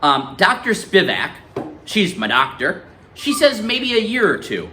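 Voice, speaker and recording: A man voicing a small, clever boy who talks in a calm, knowing way during a read-aloud. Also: sits high, unhurried, slight background noise, pitched above the performer's own voice, exaggerated voice. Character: small, bright, matter-of-fact boy.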